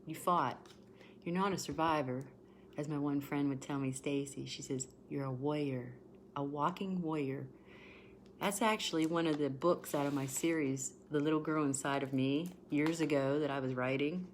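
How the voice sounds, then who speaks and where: A low-pitched woman in her forties talks through a tarot reading on a livestream. She is emotional and repeats herself, and she breaks off to greet viewers by name. A faint hum of room ambience sits under her voice. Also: moderate pace. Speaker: tarot reader.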